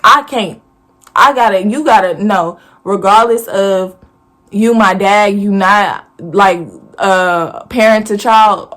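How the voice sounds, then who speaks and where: A woman's voice: mid-range voice, slow pace, a bit bright. A woman in her twenties telling a personal story to camera in a casual, blunt and profane storytime rant. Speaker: vlogger.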